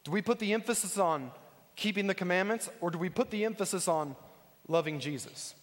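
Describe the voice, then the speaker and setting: A man's voice: sits high, lively intonation, brisk, long reverb tail. A man preaching a sermon as a pastor, earnest and conversational, often putting direct questions to the congregation.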